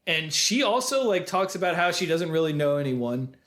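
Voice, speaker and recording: A man co-hosting a film podcast, retelling scenes in an animated way and slipping into quoted voices. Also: a little high, normal speed. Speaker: podcast co-host. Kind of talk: casual film discussion.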